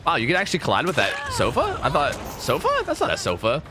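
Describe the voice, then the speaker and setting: A young man giving casual, jokey commentary while streaming a horror game, chatting and breaking into sudden high exclamations. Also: huge pitch swings, fast talker, few pauses, music in the background.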